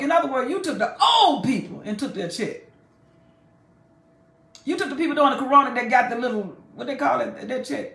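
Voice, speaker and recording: A woman's voice: a little high, lively intonation, a little fast, fairly bright tone. A woman teaching a Bible chapter in a sermon, emphatic and folksy, talking straight at her listeners. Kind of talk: preaching Bible exposition. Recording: echoey room, mic far off.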